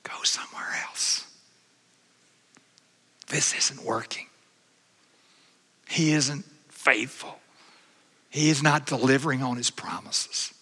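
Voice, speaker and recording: A man voicing a sly, coaxing tempter spirit in a whispered role-play, with a hushed voice. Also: medium pitch, slow pace, pauses often, husky, heavily acted.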